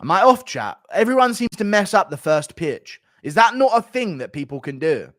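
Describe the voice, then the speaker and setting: Lively-voiced young streamer. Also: male voice, sits high, normal speed, no echo, clean studio sound. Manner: blunt, offhand, banters with chat. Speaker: livestream host. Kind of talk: casual livestream chat reading donations.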